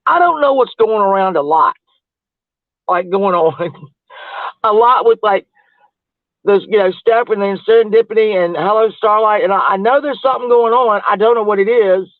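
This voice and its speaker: A woman livestreams, chatting casually with viewers in a rambling, gossipy way and laughing a lot. Her voice is medium-pitched with a moderate pace. The audio is dry and tinny, like a phone, with no room sound.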